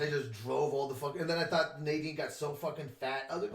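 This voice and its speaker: A man, a podcast guest, telling stories in profane, animated casual chat. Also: fairly high pitch, normal speed, vocal fry, far from the mic. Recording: echoey room, away from mic.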